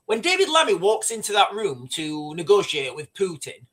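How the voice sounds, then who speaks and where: A man's voice: high-pitched, very animated, normal speed, a bit bright. A man hosting a casual livestream, rambling and repeating himself as he reads out viewer comments. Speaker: livestream host.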